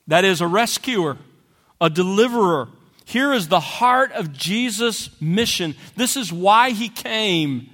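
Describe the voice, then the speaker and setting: Slow, emphatic preacher in a reverberant hall. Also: male voice, high-pitched, expressive, fairly bright tone. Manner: slow and emphatic, stressing key words. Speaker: pastor. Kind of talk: sermon. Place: church. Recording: long reverb of a church hall.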